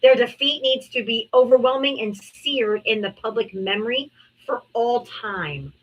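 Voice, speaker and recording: A woman's voice: fairly high pitch, measured pace, dull audio. A woman hosting a live political debate stream, talking in a brash, mocking, profane way.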